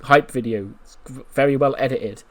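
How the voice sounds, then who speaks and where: A man hosting a gaming video, recapping events in an animated, casual way with lots of fillers. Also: medium pitch, normal speed. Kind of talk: casual game commentary.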